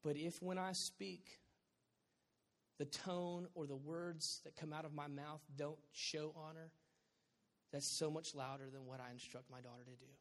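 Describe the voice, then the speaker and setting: High-voiced joking pastor in a big hall. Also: male voice, measured pace. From Southern California. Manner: animated, joking preacher with sudden loud bursts. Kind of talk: sermon. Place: church sanctuary. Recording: long hall reverb.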